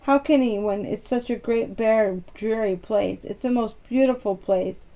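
A woman's voice: on the high side, a little slow, dull audio. A woman doing a blunt, contrary young girl. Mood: earnest. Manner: plain-spoken, earnest storytelling.

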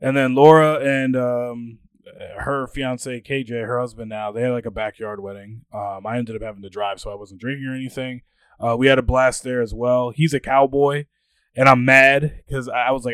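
Casting note: young male podcast co-host, animated storyteller, close dry mic, mid-range voice. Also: mid-range voice, normal speed, clean tone, dry recording. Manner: animated storyteller, acts out quoted friends. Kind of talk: casual chat.

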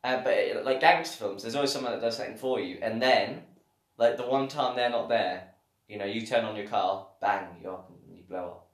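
A man's voice: fairly low pitch, fairly quick. Joking man in an echoey room. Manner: teasing, bursts into loud laughing bits. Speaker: podcast host. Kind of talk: casual banter.

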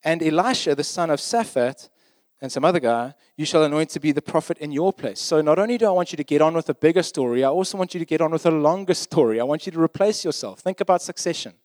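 A man's voice: a little high, fast talker, a little mellow, dry recording. A man preaching a sermon in a conversational, emphatic way, often checking in with his listeners.

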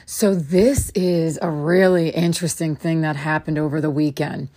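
A woman hosting a podcast, telling a personal story in a casual, animated way and acting out the dialogue. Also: deep voice. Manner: animated, acts out dialogue with quick bursts. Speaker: podcast host.

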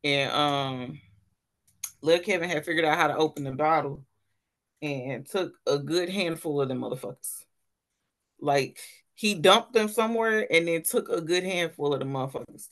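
A woman's voice: deep voice, normal speed, fairly bright tone. A woman co-hosting a podcast who tells stories frankly and swears freely in casual chat. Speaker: podcast co-host.

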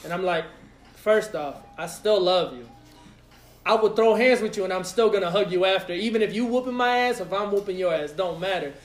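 A man's voice: sits high, brisk, reverberant, soft background music. A man hosting a podcast, telling a rowdy story in casual chat, acting out quotes with lots of profanity. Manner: animated, profane, acts out quotes. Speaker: podcast host.

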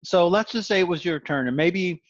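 A man's voice: high voice, normal speed, no room sound, muffled recording. A man hosting a conversational interview, rambling and self-aware with sarcastic asides. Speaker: podcast host.

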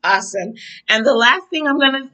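A chatty woman hosting a casual podcast stream, her voice bright and forward. She sounds a little stuffy-nosed and talks loosely, with plenty of ums and a relaxed, familiar tone with her listeners. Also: a little high, fairly quick, poor audio. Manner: chatty, warm-spoken with frequent um and y'all. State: stuffy nose. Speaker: podcast host. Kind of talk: casual livestream chat.

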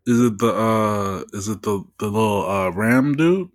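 A man's voice: on the low side, measured pace, no room sound, clean studio sound. A man co-hosting a podcast in casual chat, hesitant and chuckling as he fumbles over hard words. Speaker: podcast co-host.

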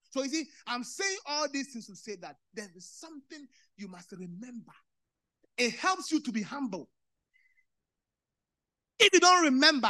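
Male Ghanaian preacher, sermon style, bright forceful tone, dramatic loud-to-quiet swings. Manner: swings between loud bursts and low quiet delivery, repeats phrases. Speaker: pastor.

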